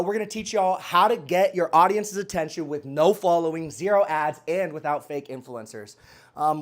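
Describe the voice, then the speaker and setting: Hyped, preachy man pitching to listeners. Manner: hyped, preachy, repeats phrases; slangy, talks to a cohost by name. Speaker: podcast host. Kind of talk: casual chat and promotion.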